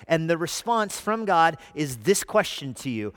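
A pastor with a fairly high male voice delivers an animated sermon in a church sanctuary. His voice jumps up sharply when he acts out frantic pleas, then drops back to a conversational tone. The sound carries a long hall reverb. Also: unhurried. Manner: animated, voice leaping up when quoting cries.

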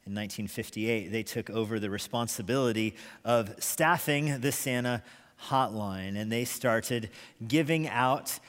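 Man, preacher, sermon storytelling, animated, reverberant church hall. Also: medium pitch, a little slow, smooth. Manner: animated storyteller, chuckles often. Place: church sanctuary.

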